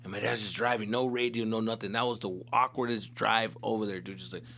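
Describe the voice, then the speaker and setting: Slangy comedian from Arizona, telling a story. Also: male voice, lowish voice, steady tone, quick pace, pushed and bright. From Tucson, Arizona. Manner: casual, swearing, slangy, peppered with Spanish. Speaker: comedian host. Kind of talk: comic storytelling.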